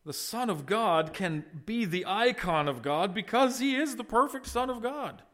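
A middle-aged male pastor delivering a sermon. His voice sits a little high for a man. He preaches earnestly, rising loud and falling soft as he makes his points. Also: animated, moderate pace. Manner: earnest preaching with wide swings in loudness and pitch.

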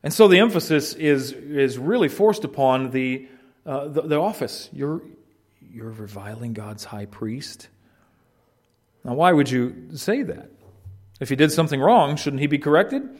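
Man, pastor, teaching sermon, emphatic, slightly high pitch. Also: lively intonation, normal speed, a little mellow. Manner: earnest, emphatic teaching with restarts and rising stress. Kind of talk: expository sermon.

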